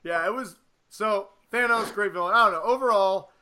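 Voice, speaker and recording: Excitable man with a high, bright voice. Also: normal speed. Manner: excitable, swears, acts out movie lines. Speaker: podcast co-host. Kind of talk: casual movie review chat.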